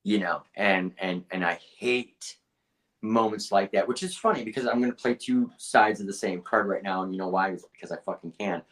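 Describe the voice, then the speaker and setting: Blunt low-voiced man swearing freely. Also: normal speed, a bit bright. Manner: blunt, profane, emphatic with many restarts. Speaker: podcast co-host, artist. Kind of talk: casual review chat.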